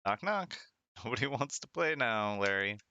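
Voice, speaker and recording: A man's voice: medium pitch, expressive, moderate pace, pushed and bright, clean tone, no room sound, highs cut off. A man streaming a retro game, reading its text aloud with wry asides and frequent laughter. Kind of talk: casual game commentary.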